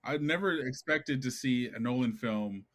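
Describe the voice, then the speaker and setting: A man's voice: medium pitch, normal speed, a bit bright. A man co-hosting a casual podcast, chiming in with laid-back, dry remarks. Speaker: podcast co-host. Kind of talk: casual chat.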